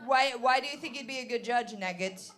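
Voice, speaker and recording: Brash and teasing, this comedy MC works the crowd at a live venue and swears freely. She speaks fairly quickly in a voice on the high side. The recording is full of loud crowd noise, with the audience laughing and chattering.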